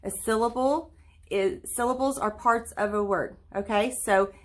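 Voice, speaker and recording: A woman teacher leading a recorded virtual lesson for young children, speaking slowly and clearly with lots of encouraging check-in questions. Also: a little high. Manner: claps and stretches words into syllables.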